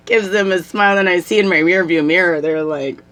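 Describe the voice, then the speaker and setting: A middle-aged woman rambles through personal stories in a casual vlog, often breaking into giggles. Her voice sits at a middling pitch. A faint hum runs under the recording. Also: very slow, long pauses. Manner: giggly, animated storytelling with frequent laughter. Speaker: spiritual vlogger, self-styled medicine woman. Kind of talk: rambling casual chat to camera.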